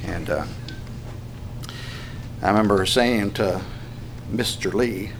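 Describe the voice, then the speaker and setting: A male pastor with a fairly low voice preaching a sermon. His delivery is conversational, like he is telling a story, with frequent fillers and pauses. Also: background noise.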